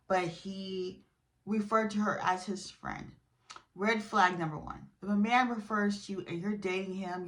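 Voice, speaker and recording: Chatty and loaded with filler words, a woman gives her opinionated, relaxed take on a reality show episode. She gets animated when indignant, and her pitch runs low.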